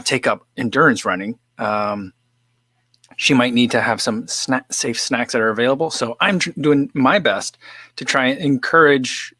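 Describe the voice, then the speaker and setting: A man's voice: mid-range voice, dry recording. A man hosting a casual livestream, chatting loosely with many fillers and reading out viewer comments. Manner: relaxed and rambling, with many fillers. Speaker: livestream host. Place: home studio in the American Midwest.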